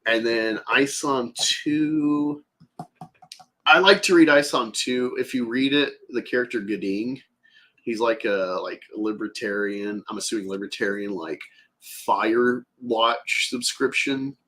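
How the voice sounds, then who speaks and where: Husky-voiced man rambling in casual chat. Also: medium pitch, a little slow, fairly bright tone. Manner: rambling, filler-heavy, profane.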